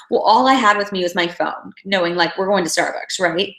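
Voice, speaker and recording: A woman's voice: medium pitch, fairly quick, few pauses, a bit bright. A young woman giving a casual motivational talk as a team leader, telling stories in a chatty way with many fillers. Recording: roomy echo.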